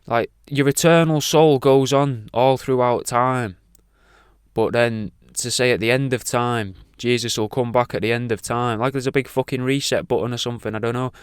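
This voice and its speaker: Rambling, swearing radio host. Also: male voice, mid-range voice, steady tone, moderate pace, clean tone, dry recording, studio quality. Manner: rambling, swears a lot, goes off on tangents. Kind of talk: casual rambling talk show. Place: radio studio.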